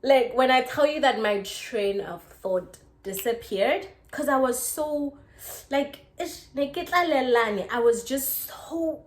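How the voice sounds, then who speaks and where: A young South African woman telling a casual story, chatty and expressive, full of "like" fillers. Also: high voice, slow pace. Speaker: YouTuber. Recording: echoey room.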